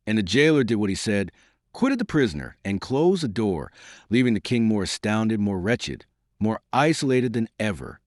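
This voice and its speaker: Dry, close audio with no room echo captures a man narrating a classic novel for an audiobook. His low voice carries a lively, varied intonation, and his scripted reading is measured and dramatic.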